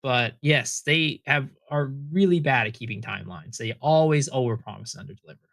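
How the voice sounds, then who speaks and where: A man's voice: medium pitch, animated, a little fast, vocal fry, a bit bright. A man who is a guest on a podcast, making his points emphatically and repeating them for stress. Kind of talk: casual podcast chat.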